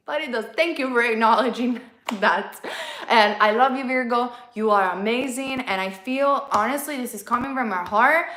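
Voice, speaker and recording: Bright-voiced chatty woman tarot reader. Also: a little high, moderate pace, roomy sound. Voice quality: non-native English. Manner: chatty and expressive, playful asides. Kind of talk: casual tarot reading for viewers.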